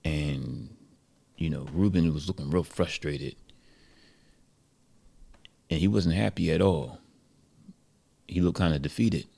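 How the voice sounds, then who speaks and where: Deep gravelly man telling a story. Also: slow pace, long pauses. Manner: relaxed, reflective, many "you know" fillers. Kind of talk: casual story narration.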